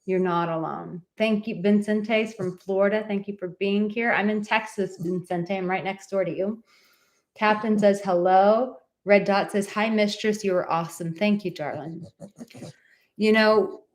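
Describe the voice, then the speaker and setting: With a mid-range, darkish voice, this talkative relationship coach reads viewer comments aloud during a relaxed live stream at a relative's home, sounding bubbly throughout.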